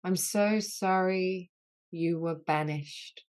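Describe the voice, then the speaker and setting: A woman leading a guided healing session on an online group call, speaking in slow, soothing, repeated phrases. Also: on the low side, steady tone, darkish tone, clean tone.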